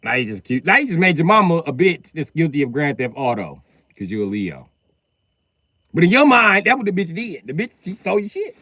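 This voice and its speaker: Brief: male stand-up type, AAVE, lively swooping pitch, dry close sound, profane rant. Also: brisk, no echo. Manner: profane, animated, acts out characters with shouted voices. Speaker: comedian livestreaming. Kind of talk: comedic rant.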